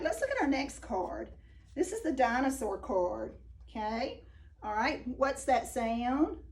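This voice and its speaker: Woman, teacher, phonics lesson, slow and encouraging, fairly high voice, a bit distant from the mic. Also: darkish tone. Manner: slow, encouraging, praising each answer. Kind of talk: phonics lesson for young children.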